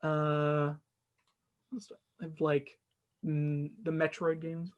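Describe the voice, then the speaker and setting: A young man hosts a casual gaming podcast, rambling and restarting his sentences often. His voice sits a little high for a man. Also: monotone, drawn-out words, dull audio. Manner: rambling, many restarts and fillers. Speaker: podcast host. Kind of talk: casual chat.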